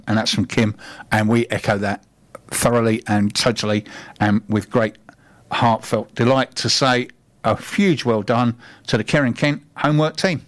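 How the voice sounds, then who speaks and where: A man's voice: medium pitch, fairly even intonation, moderate pace. A man hosting a casual local radio show, reading out listener tweets with jokey asides and stumbling restarts.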